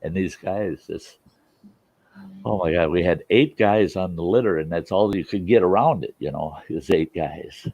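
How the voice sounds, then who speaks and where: Male storyteller host, low and gravelly, casual and chuckling, raises his pitch for quoted voices, dry lo-fi recording. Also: moderate pace, dark tone, no echo. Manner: chuckles often while telling stories. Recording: dull lo-fi sound.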